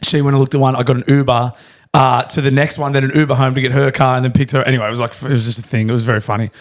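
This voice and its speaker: Young aussie guy rattling off a story quick, swears heaps, laughs loads. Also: medium pitch, level tone. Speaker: podcast co-host. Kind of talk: casual chat.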